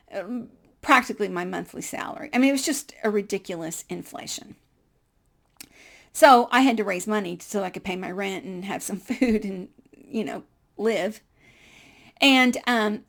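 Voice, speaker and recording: A middle-aged woman vlogger telling a personal story in a lively, animated way and acting out the dialogue. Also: mid-range voice, vocal fry. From United States.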